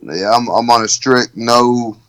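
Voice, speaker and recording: Laid-back man, smooth voice. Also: mid-range voice, unhurried, fairly bright tone, poor audio. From Alabama, USA. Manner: laid-back, joking, says "man" often. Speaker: professional fighter, guest. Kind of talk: casual interview.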